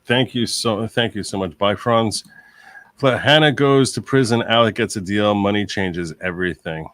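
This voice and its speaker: A man on a live legal commentary stream who talks excitedly, repeats himself and reads chat comments aloud. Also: on the low side, dry recording. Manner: excitable, repeats himself, quickly concedes points. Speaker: lawyer streamer reading chat.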